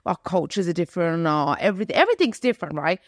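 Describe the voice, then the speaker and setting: A young woman from London with a London accent, co-hosting a podcast in casual, slangy, animated chat. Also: lowish voice, fast, no echo, studio quality. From London, England. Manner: chatty, animated, slangy, laughs often. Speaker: podcast co-host.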